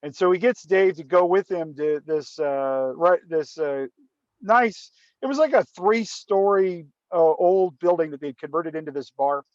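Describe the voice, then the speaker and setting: High-voiced man telling a rambling story. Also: measured pace, a little mellow, no room sound, dull audio. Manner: rambling, repeats and restarts words. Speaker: guest storyteller. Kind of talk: casual storytelling.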